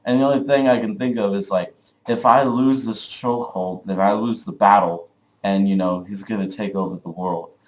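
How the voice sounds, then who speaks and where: Young man, lowish voice, casual vlog, rambling, swears a lot, keeps saying like. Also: steady tone, moderate pace. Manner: rambling, full of "like", profane. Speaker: vlogger. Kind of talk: casual storytelling to camera.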